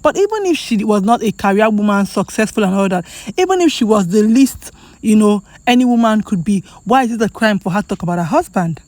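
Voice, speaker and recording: A woman's voice: mid-range voice, expressive, a little fast, darkish tone, dry recording. A woman with a Nigerian accent giving casual, emphatic commentary to camera as a celebrity gossip vlogger, repeating points for effect.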